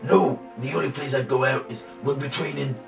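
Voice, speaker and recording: A man's voice: medium pitch, brisk, gravelly, close to an everyday voice. A man playing a boastful macho rugby player in an improvised comedy monologue, rambling and full of "like" and "you know". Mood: blustering. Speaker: comic character in an amateur trailer. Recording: roomy amateur video from far off with music.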